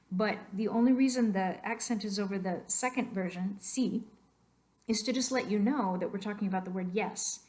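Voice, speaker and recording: Young woman spanish teacher talking over slides, explains step by step, drops to soft asides now and then. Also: medium pitch. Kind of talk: narrated slide lecture.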